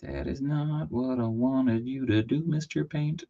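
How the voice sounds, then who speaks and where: A man chatting casually while painting a toy figure on a livestream, laughing and lively as he tells stories. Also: measured pace, creaky. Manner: animated, laughing, jumps into high excited voices when telling stories. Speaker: co-host of a toy customizing livestream. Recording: slightly dull lo-fi stream audio.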